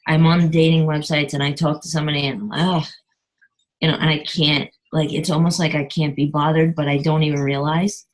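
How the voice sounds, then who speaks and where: A middle-aged woman caller sharing on a video call, speaking haltingly and clearing her throat often, heard over poor call audio. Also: deep voice, flat delivery. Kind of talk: personal sharing on a group call.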